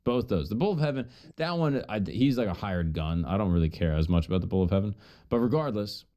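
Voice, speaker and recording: Deep dark-toned guy on a stream, swearing and joking through an old myth. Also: expressive, fast. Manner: profane, joking, loose retelling with asides. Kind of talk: casual stream chatter, retelling a myth.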